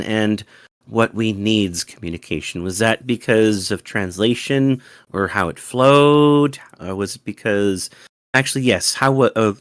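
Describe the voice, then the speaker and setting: Low-voiced guy hosting a fan q&a, super eager, dry close sound. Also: dry recording. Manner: eager, excitable, stumbling over words. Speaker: fan club host. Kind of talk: reading fan questions aloud. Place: home studio.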